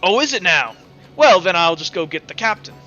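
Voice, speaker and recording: A loud, demanding dock guard running a shakedown, played by a man. His voice is pitched up and bright, pushed hard. Faint music plays beneath a slightly dull recording. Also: big pitch swings, fairly quick, heavily acted. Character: pushy male dock guard, shakedown artist.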